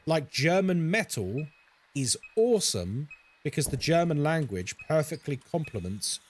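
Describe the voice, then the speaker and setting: A young man chatting playfully with his live-stream audience between moments of gameplay. His pitch sits a little high and swings a lot as he talks. A faint hiss of noise sits under the voice. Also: very animated, unhurried. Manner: chatty and playful, answering viewer chat. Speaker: horror game streamer. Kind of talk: casual live-stream chat while gaming.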